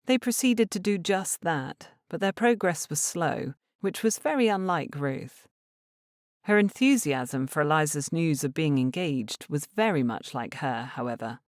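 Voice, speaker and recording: A woman narrating a period romance with a fairly low voice that still moves lively in pitch. She reads in a measured, expressive way, close to the mic in a dry, dead room. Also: dry recording. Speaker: audiobook narrator. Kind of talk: scripted narration.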